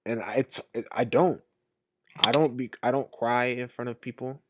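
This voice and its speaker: A young man streaming a casual reaction, talking emphatically and rambling, swinging from loud to quiet. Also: mid-range voice, steady tone, normal speed, noisy background.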